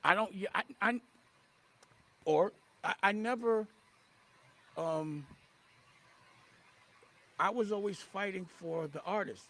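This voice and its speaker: A man's voice: sits high, slow, pauses often, sharp tone. A man defending himself in an interview, indignant, often repeating and restarting mid-sentence. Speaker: interviewee in a played clip. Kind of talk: heated interview talk.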